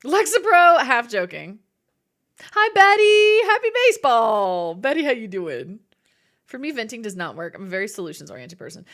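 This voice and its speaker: Her mid-range voice swings widely in pitch, slightly bright and fairly quick, as she hangs out with viewers on a live stream. Bubbly and chatty, she reads their messages, giggles a lot and acts out her thoughts for fun.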